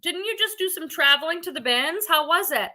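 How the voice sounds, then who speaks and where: A woman's voice: very high-pitched, animated, a little fast, sharp tone. A woman hosting a casual reselling livestream from her living room, chatty and rambling, greeting viewers by name. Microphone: computer webcam on livestream.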